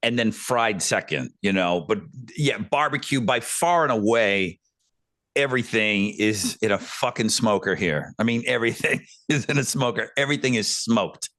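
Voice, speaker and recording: A man from Buffalo, New York, co-hosting a podcast with animated, profane chatter. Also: fairly low pitch, moderate pace, no room sound. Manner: animated, profane, laughs often. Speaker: podcast co-host. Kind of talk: casual podcast banter.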